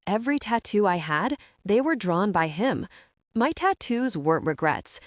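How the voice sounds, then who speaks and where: A woman narrating a romance audiobook in a steady, even reading voice. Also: medium pitch, normal speed, dry recording, clean studio sound. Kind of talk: scripted narration.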